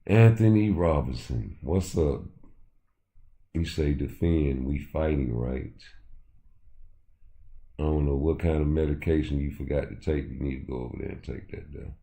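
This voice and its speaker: Deep, mellow-voiced man ranting on a livestream. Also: normal speed, vocal fry. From Chicago. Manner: loose, profane, addresses chat directly. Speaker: livestream host. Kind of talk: casual livestream rant.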